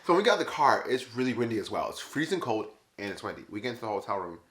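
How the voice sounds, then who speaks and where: A man telling travel stories in a casual, animated, exasperated way. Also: fairly low pitch, very fast. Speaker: vlogger. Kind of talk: casual storytelling. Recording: echoey room.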